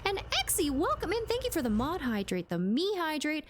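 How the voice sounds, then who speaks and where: Woman streamer, casual and chatty with chat; high, very animated voice; compressed home mic. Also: a little fast, noisy background. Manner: chatty, reads and answers chat, playful. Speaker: livestreamer. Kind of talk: casual live-stream chat while gaming. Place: home room with door closed.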